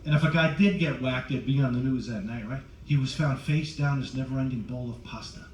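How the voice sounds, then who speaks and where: A stand-up comedian in his forties works a cruise ship crowd, brashly teasing and talking directly to the audience. His medium-pitched, slightly mellow voice moves fairly quickly, captured from a distance in an echoey room with a bit of hiss or hum and generally poor audio.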